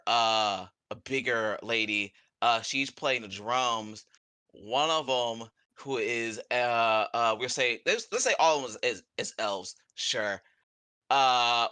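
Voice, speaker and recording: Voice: mid-range voice, sharp tone, dry recording. A young adult game master narrating a tabletop game, rambling with many restarts.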